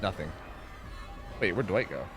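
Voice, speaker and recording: A man's voice: deep voice, lively intonation, measured pace, a bit bright, soft background music. A young man streaming a game, chatting casually and swearing a lot as he reacts and answers his chat. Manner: chatty, swearing, lots of "like" and restarts. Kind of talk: casual gameplay commentary.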